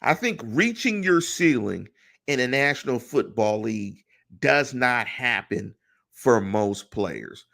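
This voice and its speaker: A middle-aged man runs a solo sports podcast in a mid-pitched voice. His intonation rises and falls a lot, and he keeps turning his points into rhetorical questions for the audience. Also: slow pace, gravelly. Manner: animated, rhetorical questions to listeners. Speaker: podcast host.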